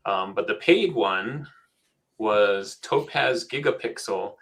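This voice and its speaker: An easygoing man chats on a podcast and backs up his co-hosts. His voice sits slightly low. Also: lively intonation, takes it slowly, fairly bright tone. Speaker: podcast co-host. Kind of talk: casual podcast chat.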